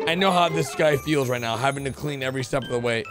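A young man hosting a gaming channel, giving excitable reaction commentary with lots of exclamations and "bro". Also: medium pitch, fast, music in the background. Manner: animated, exclaiming, calls viewers bro.

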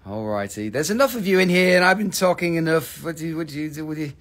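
A man's voice: fairly high pitch, expressive, fast talker, few pauses, a bit bright. A man casually hosting a live mineral sales stream, swearing and joking as he rambles. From Appalachian Valley, USA.

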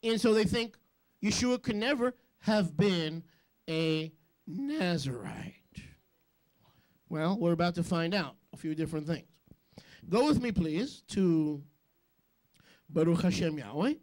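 A man preaching a sermon as a rabbi, joking with quick asides and questioning the congregation. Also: high voice, lively intonation, darkish tone. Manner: jokey, rapid asides, call-and-response questions.

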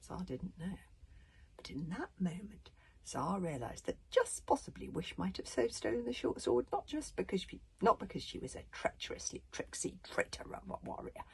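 Reader: woman, whispered storybook reading, husky, hushed, lively melody. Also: medium pitch, normal speed. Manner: hushed, breathy narration.

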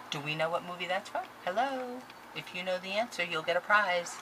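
A woman vlogger opening crafting mail on camera, gushing, excitable and talking straight to her viewers and the senders. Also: on the low side, a little fast, background noise. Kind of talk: casual unboxing chat to camera.

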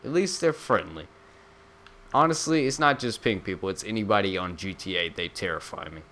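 A man's voice: sits low, lively intonation, a little fast, sharp tone. A young man giving casual, joking gameplay commentary as a gaming YouTuber, rambling and slangy.

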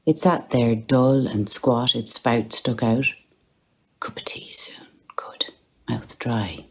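Very low husky Irish woman reading aloud. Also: fairly even intonation. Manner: unhurried, dropping to a hushed whisper for inner thoughts. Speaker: audiobook reader. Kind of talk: literary reading.

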